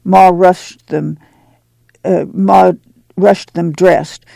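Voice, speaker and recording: A man narrating an audiobook in a measured, even storytelling manner. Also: high voice, gravelly, dry recording.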